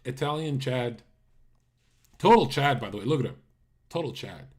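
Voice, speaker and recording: A man's voice: medium pitch, expressive, a little fast, a little mellow, breathy edge. A man hosting a casual livestream, reacting to clips and ranting at his chat in a blunt, mocking way, speaking into a condenser mic. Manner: blunt, mocking, rants at viewers. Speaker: livestream host. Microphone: USB condenser mic.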